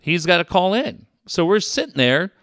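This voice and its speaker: A middle-aged man telling radio stories in casual chat, animated and profane, laughing often. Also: sits high, normal speed, no room sound, studio quality.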